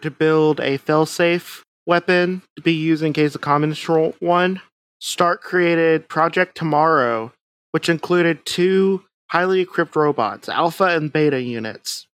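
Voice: medium pitch, a bit bright, smooth, dry recording. A podcast host chatting casually about comics, rambling with frequent restarts. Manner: rambling, many fillers and restarts. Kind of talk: casual comic-book chat.

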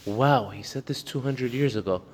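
A man's voice: medium pitch, a little mellow, in a large hall, a little hiss or hum. A man giving a casual Torah class, reading a text aloud and explaining it in English, often laughing. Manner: reads quickly in Hebrew, then explains in English with laughs. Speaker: Torah teacher.

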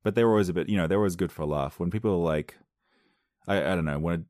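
A man's voice: low voice, very fast, a little mellow, no room sound, clean studio sound. A man reading strange news articles aloud and reacting with sarcastic, rambling asides. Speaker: video host.

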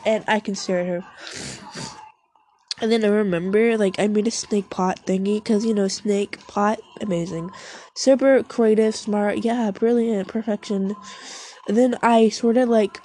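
A woman's voice: mid-range voice, warm tone, slight background noise. A young woman rambling casually to herself, swearing a lot, making self-mocking asides, and short of breath.

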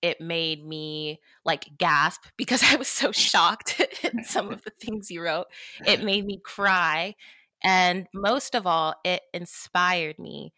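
A woman hosting a podcast, telling a story in an animated, chatty way with casual swearing and plenty of "like". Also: lowish voice, slow, dry recording, studio quality. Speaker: podcast host.

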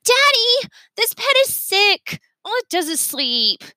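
A woman's voice: very high voice, sing-song, takes it slowly, bright, forceful tone, no echo, studio quality, voice pushed up, heavily acted. A woman doing a whiny spoiled little girl. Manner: whining, demanding.

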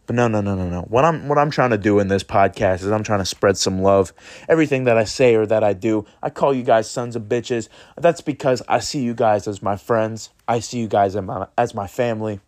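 A man hosting his own podcast delivers a casual motivational monologue, earnest and rambling, swearing freely as he urges listeners to be kind. His voice is lowish, brisk and a little mellow.

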